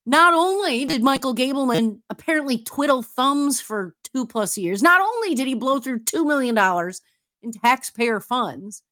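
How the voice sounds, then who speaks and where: A woman's voice: a little high, fairly bright tone, dry recording, clean studio sound. A woman hosting a political talk radio show, emphatic and sarcastic.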